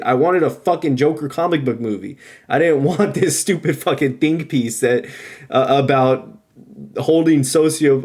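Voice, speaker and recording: Heated, profane man ranting. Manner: heated, profane, swings from loud to low and back. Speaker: podcast co-host. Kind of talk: casual ranting movie review.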